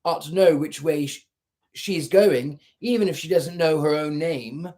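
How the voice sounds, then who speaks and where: A man voicing a gentle gentleman dressed in paper in a storybook reading. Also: a little high, measured pace, natural voice.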